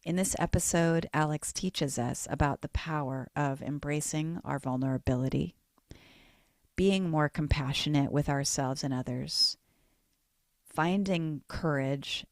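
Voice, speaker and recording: Slow, low-voiced woman host. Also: no room sound, studio quality. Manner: effusive and gently enthusiastic. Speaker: podcast host. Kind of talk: podcast interview.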